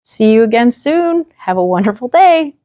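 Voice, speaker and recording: A woman's voice: on the high side, very animated, moderate pace, dark tone, dry recording, dull audio. A woman hosting her own parenting vlog, talking straight to the viewer in an earnest, encouraging way. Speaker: parenting channel host. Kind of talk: direct-to-camera parenting advice vlog.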